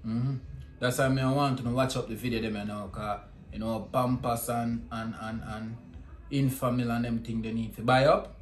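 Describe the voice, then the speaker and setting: A man's voice: mid-range voice, steady tone, moderate pace. Chatty Jamaican man in an echoey room. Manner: chatty, keeps asking "you see me?". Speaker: family vlogger. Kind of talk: casual vlog chat. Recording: echoey room with music behind.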